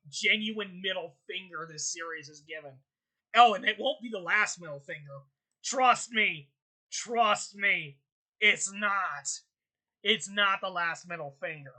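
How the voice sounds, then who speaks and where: A young woman hosting her channel, ranting in casual commentary, exasperated and swearing, her voice jumping high in outbursts. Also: sharp tone. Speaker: channel host.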